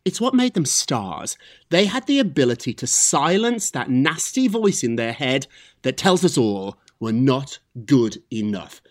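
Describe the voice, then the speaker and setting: A man hosting a celebrity gossip show, chatting in a lively, animated way. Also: mid-range voice, unhurried. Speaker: host.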